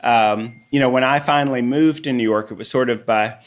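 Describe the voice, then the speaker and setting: A man with a Tennessee Southern accent, an artist guest on a podcast, telling stories in a relaxed, casual way. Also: mid-range voice, brisk. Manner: relaxed storyteller, many you-knows. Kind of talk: casual interview chat.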